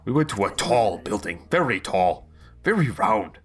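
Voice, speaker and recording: A man voicing an eager, simple-minded telepathic dog in a tabletop game, speaking in short halting sentences. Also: fairly low pitch, sing-song.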